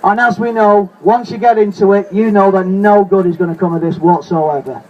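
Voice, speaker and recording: Recorded from afar by a camera in the crowd, this Lancashire man speaks passionately against fracking at an outdoor rally, shouting the same rallying cries again and again. His high voice holds a steady tone at a brisk pace, and the lo-fi sound is mixed with crowd noise.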